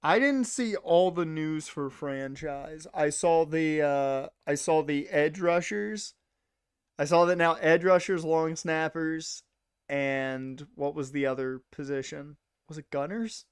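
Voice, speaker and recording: A man's voice: on the high side, slow, smooth, no room sound, clean studio sound. A young man rambling casually to his chat while streaming a game. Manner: rambling, chatty, talks to chat.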